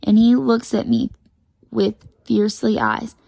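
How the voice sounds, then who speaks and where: Gravelly-voiced woman reading a children's book. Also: a little high, measured pace, no room sound, poor audio. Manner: lively first-person storytelling, mimicking a child's bossy chatter. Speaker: storybook reader for children. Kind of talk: reading a picture book aloud.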